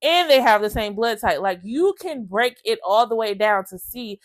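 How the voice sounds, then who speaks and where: A woman's voice: on the high side, moderate pace, no room sound. A woman telling her own story to camera in a casual vlog, emotional and chatty, speaking straight to her viewers. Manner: emotional, lively storytelling that acts out other people's lines; chatty, addresses viewers as y'all.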